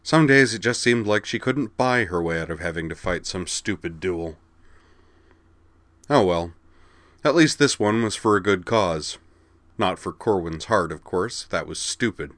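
A man narrating a fantasy story in a steady, even reading voice. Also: low voice, unhurried, no room sound.

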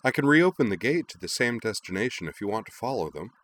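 A man voicing a calm, matter-of-fact young woman in a storybook reading. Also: lowish voice, fast talker, pitched above the performer's own voice.

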